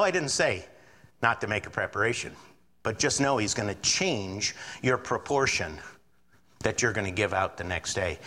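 A man's voice: mid-range voice, in a large hall. A man preaching a sermon as pastor, acting out the voices of doubters and worriers as he goes. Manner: animated preaching, acts out quoted doubters.

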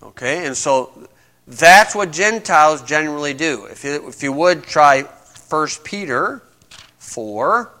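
A man preaching a conversational sermon, stressing points and reading scripture slowly. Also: a little high, lively intonation, bright, forceful tone. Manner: conversational, emphatic, reads scripture aloud slowly.

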